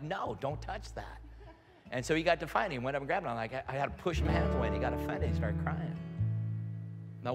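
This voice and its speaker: An older man preaching a sermon and leading prayer, earnest and fervent, with a grandfather's storytelling ease. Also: mid-range voice. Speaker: pastor. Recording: live hall reverb with music.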